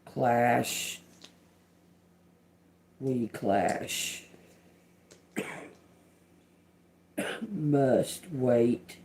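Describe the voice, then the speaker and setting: Slow, gravelly man repeating words. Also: mid-range voice, dark tone. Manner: slow, halting, repeating single words aloud. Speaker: livestream psychic reader. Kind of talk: live spirit-box and card reading.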